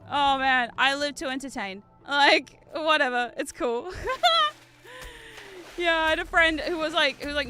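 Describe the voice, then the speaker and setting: A young woman from the UK with a British accent softened by New Zealand, chatting casually while streaming a game, rambling on tangents and swearing freely. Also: high voice, normal speed, soft background music. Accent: British mixed with New Zealand. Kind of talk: casual gaming stream chat.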